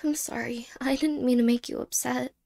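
A woman voicing an apologetic young ex-girlfriend in a whispered role-play, speaking haltingly and softly and slipping into whispers. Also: high voice, steady tone, vocal fry. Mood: tender. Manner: halting, hesitant, soft-spoken with whispered words.

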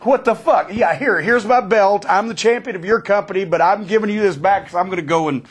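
High-voiced man telling a profane story. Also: quick pace, husky. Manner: profane, animated, sarcastic. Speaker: storyteller guest.

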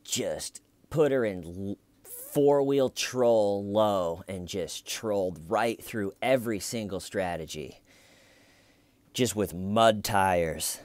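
A man talks through a true crime case in a relaxed, slow, unhurried way, his voice sitting a little low. He muses aloud wryly, stopping to restart his thoughts. The sound is dry and close, with no room. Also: no room sound. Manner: wry, musing, with hesitant restarts. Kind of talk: casual video commentary.

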